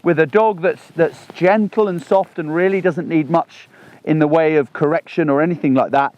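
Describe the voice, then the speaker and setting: A man, talking through a gun dog training session outdoors on a lawn, chatty and animated. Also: fairly high pitch, normal speed, muffled recording. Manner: chatty and animated, bursts into excited exclamations.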